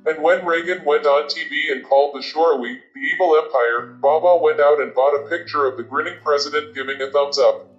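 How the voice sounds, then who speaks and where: A man reading a novel aloud as an audiobook narrator, with a steady, even storytelling delivery. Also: fairly high pitch, fairly quick. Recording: roomy, dull lo-fi sound. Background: faint guitar music.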